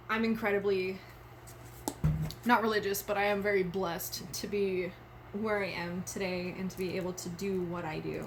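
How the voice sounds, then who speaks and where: A woman streamer chatting candidly to her viewers from a home setup, her voice sitting at an ordinary mid pitch. She rambles and giggles her way through personal stories and wears her feelings openly. A faint hiss of room noise sits behind her. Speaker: live streamer. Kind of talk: candid casual livestream chat.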